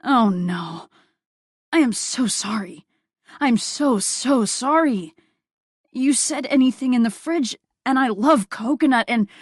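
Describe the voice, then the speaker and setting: A woman's voice: mid-range voice, normal speed, no echo, studio quality, lightly acted. A woman voicing a flustered young man who gushes apologies and rambles about his love of food.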